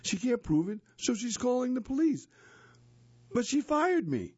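A man's voice: very high-pitched, sing-song, a little slow, darkish tone, slightly rough, no room sound, muffled recording, pitched above the performer's own voice, full character voice. A man voicing a hardworking mother who is upset and tearful, in a read-aloud story. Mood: distressed. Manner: tearful, distressed. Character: worried hardworking mother, a cleaner.

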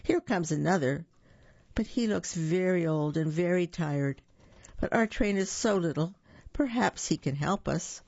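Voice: medium pitch, animated, a little slow, a little mellow, no room sound. A reader voicing a cheerful little male toy clown who keeps urging everyone on, on a dull, slightly lo-fi recording. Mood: eager. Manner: eager, encouraging.

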